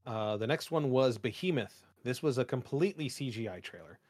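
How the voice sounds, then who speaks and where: A man's voice: medium pitch, animated, brisk, a little mellow, no echo, clean studio sound. A young man co-hosting a casual podcast, rambling with lots of fillers and jokes. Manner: rambling, many fillers, jokey. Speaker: podcast co-host. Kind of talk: casual chat.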